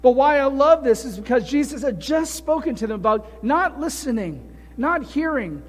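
A man's voice: very high voice, lively intonation, normal speed, in a large hall. A male pastor preaching a sermon, telling the story with animation and asking rhetorical questions.

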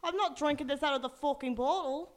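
A woman voicing her cranky, foul-mouthed old grandmother, who swears slowly and drags out her words. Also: high-pitched, lightly acted. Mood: grumpy. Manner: swearing, slow and drawn out.

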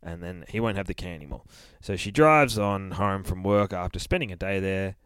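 A man's voice: low-pitched, moderate pace, fairly bright tone, smooth, dry recording. A man casually retelling a horror comic as a reviewer, in a loose, sweary, rambling way full of fillers.

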